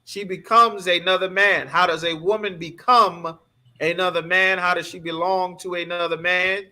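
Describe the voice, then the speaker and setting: A man from the United States leads a scripture class with a high voice. He preaches emphatically in a streetwise way and keeps asking his listeners rhetorical questions. His tone is bright and forceful. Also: fairly even intonation, moderate pace.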